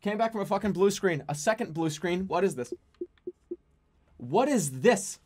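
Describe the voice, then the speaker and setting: A man streaming from his home gaming setup, ranting to chat in an exasperated, swearing, animated way. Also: sits high, normal speed, long pauses, a little hiss or hum. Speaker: game streamer.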